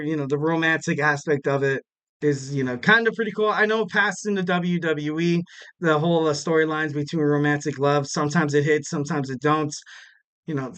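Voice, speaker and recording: A young man hosts a casual wrestling recap podcast. His voice sits a bit high and comes across smooth and clean. He rambles through the action with fillers and little jokes at his own expense. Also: fairly bright tone. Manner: rambling, many fillers and self-corrections; jokey, laughs at himself. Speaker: podcast host.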